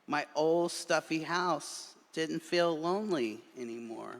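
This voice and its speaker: A male minister reading a children's story aloud in a church, doing animated voices for the characters. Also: a little high, slow, gravelly. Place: church sanctuary. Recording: long reverb of a large hall.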